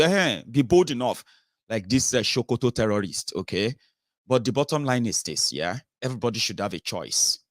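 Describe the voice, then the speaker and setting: A man's voice: lowish voice, no room sound, studio quality. A man with a Yoruba Nigerian accent hosting an opinionated political monologue, emphatic and rhetorical, with lots of "uh" fillers and tag questions. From southern Nigeria. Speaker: political commentary host.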